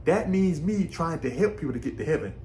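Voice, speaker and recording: A man's voice: fairly high pitch, lively intonation, brisk, dark tone, slight background noise. A man from Brooklyn, New York, giving a casual, folksy faith talk, often repeating words as he thinks. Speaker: faith vlogger.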